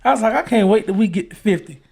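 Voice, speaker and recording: A man's voice: high voice, fast talker, vocal fry, a little mellow, breathy edge. A man co-hosting a casual podcast chat with his wife, playful and given to dramatic emphasis. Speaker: podcast co-host.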